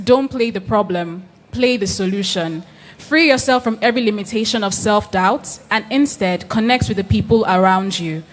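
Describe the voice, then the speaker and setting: A woman accepting an award on someone's behalf, chatty and self-deprecating, reading a message aloud with fillers. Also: medium pitch.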